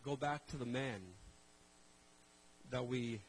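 A man preaching a sermon, telling stories in an animated way and calling out to the congregation. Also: mid-range voice, slow pace, slight background noise, low-quality recording. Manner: animated storytelling, calls to the congregation. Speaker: pastor.

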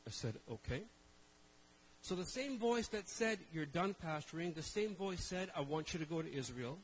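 High-voiced man preaching with wry humor. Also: animated, normal speed, a little hiss or hum, low-quality recording. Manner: conversational, self-deprecating humor with rhetorical questions. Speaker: traveling minister. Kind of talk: sermon to a live congregation.

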